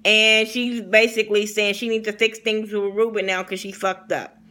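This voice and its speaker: A young woman talks straight to camera in a casual recap vlog. She is blunt, opinionated and profane. Her voice is bright and forward. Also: mid-range voice, flat delivery, normal speed. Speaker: TV reality show reviewer.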